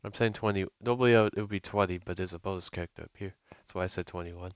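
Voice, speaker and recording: A man's voice: low-pitched, fairly even intonation, fast talker. A young man giving casual gameplay commentary as a gaming YouTuber, rambling with lots of fillers and restarts. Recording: lo-fi with music and mains hum.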